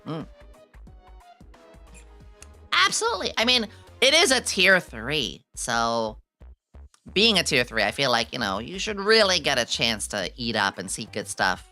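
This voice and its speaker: A woman in her thirties chatting casually on a stream, excitable and quick to break into squealing laughter. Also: rumbling low, soft background music.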